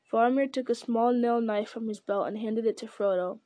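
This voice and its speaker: Woman reading a novel aloud, mellow tone. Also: on the high side, fairly even intonation, fairly quick, few pauses, no room sound. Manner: plain reading with small stumbles. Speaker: reader.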